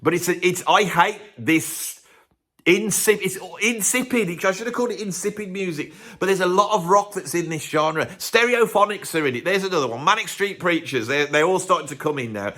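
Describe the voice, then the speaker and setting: A man's voice: sits high, moderate pace, bright, forceful tone. A man from the UK hosting a music video, rambling sarcastically in a comic monologue to camera. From United Kingdom. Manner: sarcastic, rambling, self-interrupting.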